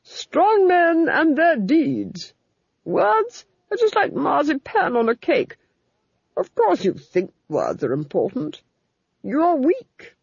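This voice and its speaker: A woman's voice: sits high, huge pitch swings, creaky, a little mellow, dry recording, pitched above the performer's own voice, exaggerated voice. A woman voicing a cruel, imperious duchess with a scornful, commanding manner, in a dull lo-fi recording. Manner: scornful, commanding, drawn-out delivery.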